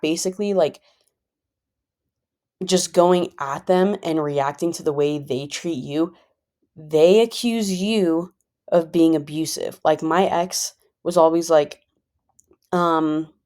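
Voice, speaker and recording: A woman's voice: sits low, a little slow, a little mellow. A woman talking through her own experience in a casual, rambling monologue, full of "like" and "you know.". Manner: rambling, filler-heavy, conversational; calls herself a pretty chill person. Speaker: vlogger.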